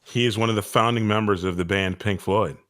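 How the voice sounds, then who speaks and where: A man's voice: fairly low pitch, fairly even intonation, a little fast, a bit bright. A man co-hosting a podcast, teasing and joking in casual banter. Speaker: podcast co-host. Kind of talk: casual chat.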